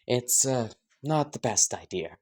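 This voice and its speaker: Calm, eerie older brother, voiced by a male narrator, soft-spoken. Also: medium pitch, unhurried.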